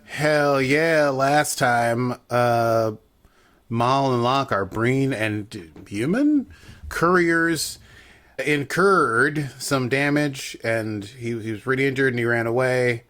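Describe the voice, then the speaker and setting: A man at an ordinary middle pitch talks through a TV episode in a loose, chatty podcast style. He keeps the recap jokey and breaks off into playful asides. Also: fairly even intonation, slow pace, a bit bright. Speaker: podcast co-host. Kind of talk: casual episode recap chat.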